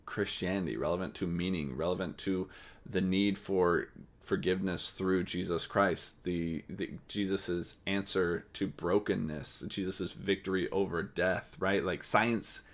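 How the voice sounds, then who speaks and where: A man's voice: low voice, fairly even intonation, a little slow. A man hosting his channel, giving earnest thinking-aloud commentary on a panel he is playing. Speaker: channel host.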